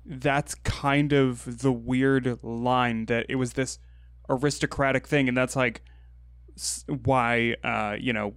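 A male podcast guest who rambles happily through his thoughts in a medium-pitched voice. The sound is close and dry, with no room echo. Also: steady tone, slow, fairly bright tone, clear, resonant tone. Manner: chatty, rambling. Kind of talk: casual chat.

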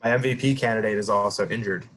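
A man co-hosting a podcast in casual chat, with dry jokes, swearing and quick quips. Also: fairly low pitch, a bit bright, a little hiss or hum. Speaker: podcast co-host.

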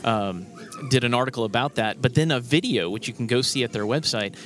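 A man's voice: mid-range voice, brisk, a bit bright. Rambling man, guest, full of ums. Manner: rambling, hesitant, heavy on "uh" and "um". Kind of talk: casual chat.

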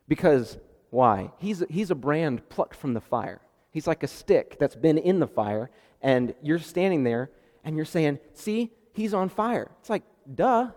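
Man preaching in an echoing hall. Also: slow. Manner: animated, acts out the dialogue with rising pitch and volume. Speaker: pastor. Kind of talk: sermon. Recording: long reverb of a hall.

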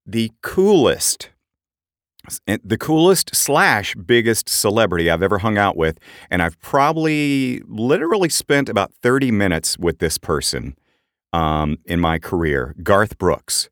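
A middle-aged man co-hosting a podcast, telling animated anecdotes in casual chat and jumping up in pitch for quoted voices. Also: a little slow, no echo, clean studio sound. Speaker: podcast co-host.

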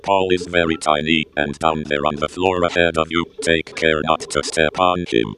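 A man voicing a deep, flat-sounding warning machine that announces alerts and reads out its punctuation. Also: moderate pace, slight background noise.

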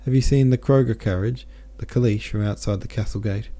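A man's voice: fairly low pitch, fairly even intonation, fairly quick, dark tone, close to an everyday voice. A man voicing a short-tempered middle-aged merchant consul who scolds a crowd. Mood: stern. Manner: curt, scolding.

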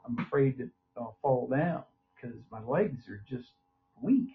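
A man's voice: mid-range voice, lively intonation, unhurried. Older man, winded patient, plain-spoken rambler; muffled lo-fi hospital-room recording. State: short of breath. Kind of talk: casual conversation. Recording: dull lo-fi recording with faint noise.

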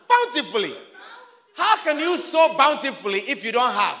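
A man preaching a sermon to his congregation, emphatic and often shouting, repeating his phrases for force. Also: very high voice, big pitch swings, moderate pace, vocal fry, big-room sound.

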